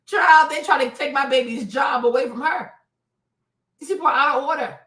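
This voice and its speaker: Woman, high bright voice, gossip host, roomy echo, a little off-mic. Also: normal speed, far from the mic. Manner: animated, talks to viewers directly, bursts into excited shouts. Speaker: commentary show host. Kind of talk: casual celebrity gossip commentary.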